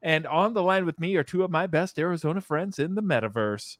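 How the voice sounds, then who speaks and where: Male podcast co-host, higher voice with a lot of swing, playful and hammy, dry close mic. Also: very animated, a little fast, hardly any pauses, fairly bright tone, dry recording. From Southern California. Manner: playful, hammy, laughs often. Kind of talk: casual podcast chat.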